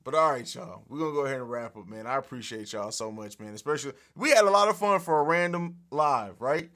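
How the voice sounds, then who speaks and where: A man hosting a casual sports podcast livestream from a home studio, animated and profane, laughing often, recorded on an overhead mic. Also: mid-range voice, fast. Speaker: podcast host.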